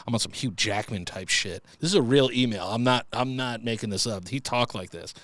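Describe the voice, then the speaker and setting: A young man hosting a podcast from a studio mic, reading listener stories aloud and swearing freely between jokes. His voice is bright and forceful, and it sits at an ordinary pitch. The sound is dry and close, with little room around it. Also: a little fast, no room sound. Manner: crude, joking, swears freely. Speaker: podcast host.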